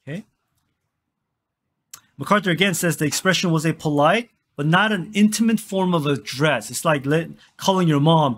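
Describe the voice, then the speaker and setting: A man's voice: high voice, moderate pace, a bit bright. A man preaching as a pastor, conversational, asking his listeners questions and answering them himself. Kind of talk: sermon.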